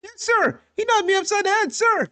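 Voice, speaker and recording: A shrill, jumpy young cop. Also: male voice, a little fast, slight background noise. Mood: eager. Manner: shouting, ends lines with "sir". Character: eager young male police officer, jumpy.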